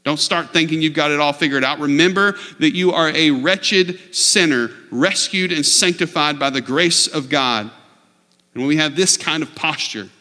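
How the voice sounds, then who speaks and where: A man preaching a sermon in a church, earnest, dropping low and quiet, then rising to loud mock shouts. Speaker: pastor. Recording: long reverb of a large hall.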